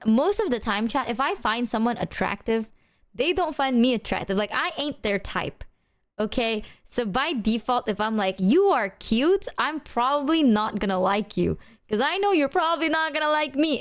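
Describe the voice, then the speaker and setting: A woman's voice: a little high, normal speed. A young woman streamer chatting casually with her viewers, telling stories with slang and swearing and acting out what her friends said. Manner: animated storytelling, acting out quoted friends.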